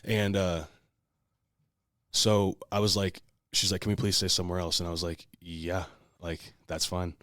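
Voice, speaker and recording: A man's voice: deep voice, flat delivery, normal speed, a bit bright, no room sound, clean studio sound. A man co-hosting a podcast, telling a long story in casual, profane, heated talk. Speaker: podcast co-host.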